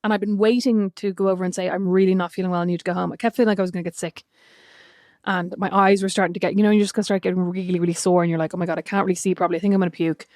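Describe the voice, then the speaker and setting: This podcast co-host speaks in a fairly low, flat voice that's slightly mellow and very fast. The recording is clean studio sound with no echo. She tells stories in relaxed chat, laughs a lot, and swears casually.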